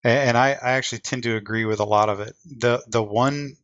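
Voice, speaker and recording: A man's voice: medium pitch, fairly even intonation, fairly bright tone. Podcast host man on a dull mic. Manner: measured, stammering restarts. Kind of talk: casual podcast discussion. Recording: dull lo-fi sound.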